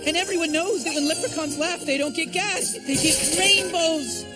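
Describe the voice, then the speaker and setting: A cartoon character narrating a make-believe fantasy game in a mock-epic, dramatic storybook way. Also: male voice, very high voice, normal speed, over loud music. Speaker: game master.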